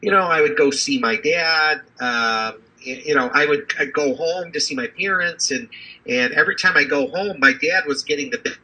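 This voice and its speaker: A man's voice: fairly high pitch, normal speed, sharp tone, slightly rough, muffled recording. A man in his fifties, a physician and business executive, telling his story in a rambling, conversational interview with many fillers.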